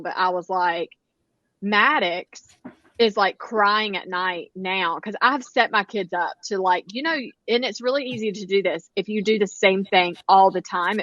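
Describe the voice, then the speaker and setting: Woman, co-host, casual chat, animated storytelling, lo-fi. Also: medium pitch, no echo. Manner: animated storytelling with quoted dialogue. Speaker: podcast co-host.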